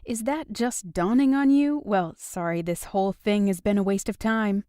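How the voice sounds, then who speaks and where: A woman's voice: mid-range voice, normal speed, warm tone, no room sound, studio quality, lightly acted. A woman voicing an upset young woman who is defensive and sarcastic in an audiobook. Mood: bitter. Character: upset young woman, guarded and sharp-tongued. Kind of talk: audiobook dialogue reading.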